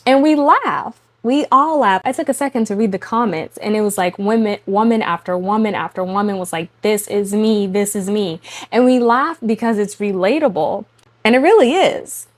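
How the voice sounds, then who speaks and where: A young adult woman, a mother, speaking casually to camera about faith and home life in a chatty, animated way, often laughing and addressing women viewers directly. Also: on the high side, moderate pace. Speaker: faith and lifestyle vlogger, mother.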